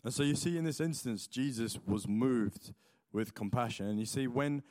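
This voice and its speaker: A young man gives a sermon in a loose, conversational way, scattering likes and ums as he tells a family story before turning to scripture. His voice sits at an ordinary middle pitch. The sound is close and dry, with no room around it. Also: moderate pace, no room sound. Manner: chatty, lots of likes and ums, animated retelling. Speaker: preacher.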